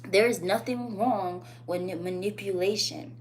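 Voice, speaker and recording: A woman talking straight to camera in a casual opinion vlog, blunt and animated, her thoughts rambling between emphatic points. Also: mid-range voice, unhurried, a little hiss or hum. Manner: loose, rambling phrasing with fillers. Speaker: vlogger.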